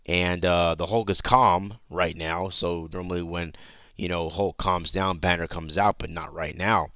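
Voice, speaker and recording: A man's voice: low voice, steady tone, measured pace, sharp tone, no echo. A man giving a loose, chatty recap of a comic issue, swearing freely and often restarting his sentences. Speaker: comic book YouTuber.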